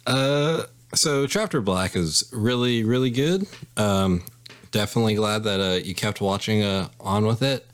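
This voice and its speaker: A man's voice: on the low side, measured pace. A man giving a casual review on a podcast, hesitant and full of fillers.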